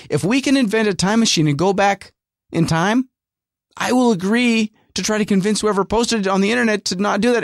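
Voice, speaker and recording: A man's voice: high voice, very animated, fairly quick, dry recording, studio quality. A man hosting a casual solo rant, rambling and sarcastic, full of fillers and restarts. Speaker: podcast host and working actor.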